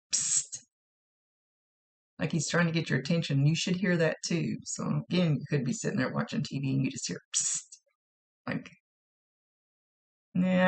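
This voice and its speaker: A woman psychic medium giving a gentle, reassuring spoken reading to a viewer, often repeating herself. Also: low voice, creaky.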